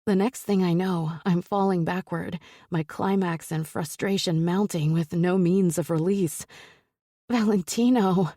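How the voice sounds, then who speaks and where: Low, breathy woman narrating romance. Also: fairly even intonation, measured pace, warm tone, no echo, studio quality. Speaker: audiobook narrator. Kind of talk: scripted first-person romance narration.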